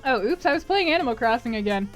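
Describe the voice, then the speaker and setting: A woman's voice: on the high side, animated, quick pace, lo-fi sound, faint music behind. A woman streamer chatting casually while she plays, rambling and laughing often. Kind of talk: casual chat while gaming.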